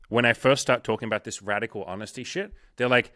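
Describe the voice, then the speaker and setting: A man's voice: mid-range voice, brisk, dry recording, clean studio sound. A young man hosting as a dating coach, talking bluntly and profanely, acting out quotes as he tells stories. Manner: blunt, profane, animated storytelling with acted quotes. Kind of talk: casual interview chat.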